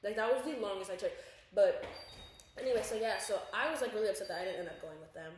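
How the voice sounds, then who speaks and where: A young woman co-hosting a podcast, telling a story in a quick, casual, slangy way. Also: mid-range voice, far from the mic. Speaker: podcast co-host. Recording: very echoey room, faint noise.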